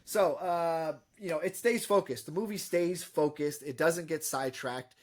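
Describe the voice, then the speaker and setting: A man's voice: a little high, normal speed. A man co-hosting a podcast, reviewing a film in casual, rambling chat full of fillers.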